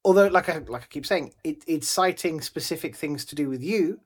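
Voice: mid-range voice, brisk, breathy edge. A podcast co-host with a mid-range voice talks casually, circling back on phrases and repeating words as the thoughts come together. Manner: rambling, repeats words while thinking aloud. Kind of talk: casual chat.

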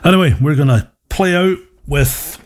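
A man's voice: on the high side, moderate pace. A man presenting a radio show, rambling in a jokey, self-mocking way.

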